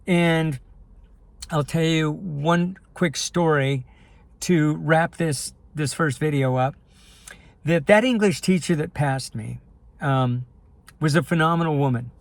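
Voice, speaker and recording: A middle-aged man speaks candidly to the camera, his voice sitting a little high for a man. He tells a personal story with real emotion, slipping into quoted dialogue. The sound is close and dry, with no room echo. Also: slow pace, creaky. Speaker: life coach and filmmaker sharing his story. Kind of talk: personal video talk to camera.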